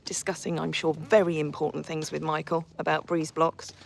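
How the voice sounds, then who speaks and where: A woman's voice: deep voice, little pitch movement, normal speed, gravelly, a little hiss or hum. A woman hosting a casual live stream from horseback outdoors, reading viewer comments and cooing and scolding her horses in between.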